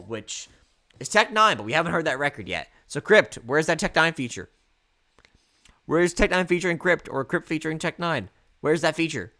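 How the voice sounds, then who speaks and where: A man's voice: fairly high pitch, big pitch swings, a little fast, bright, forceful tone. Rambling man reviewing an album. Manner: rambling, swears, repeats himself. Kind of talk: casual reaction commentary.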